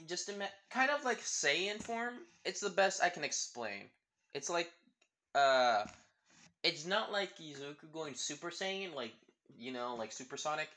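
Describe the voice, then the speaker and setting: A man's voice: fairly high pitch, pushed and bright. A man improvising a fan story aloud, rambling with many fillers and self-corrections.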